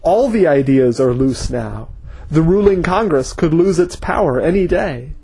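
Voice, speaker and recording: A man voicing a grim, determined man who speaks intensely and forcefully. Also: on the high side, expressive, unhurried, gravelly, breathy edge, exaggerated voice.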